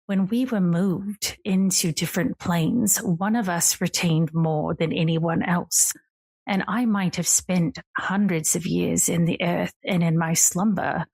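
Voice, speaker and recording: A proud, ancient male earth god who speaks sternly and gravely, his words clipped and slow. A woman game master acts him out, barely changing her voice. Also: fairly low pitch, darkish tone, exaggerated voice.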